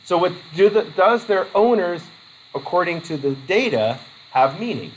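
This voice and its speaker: A man's voice: sits high, animated, moderate pace, slight background noise, rough recording. Rambling, jokey male college lecturer. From Vermont. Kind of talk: casual classroom lecture.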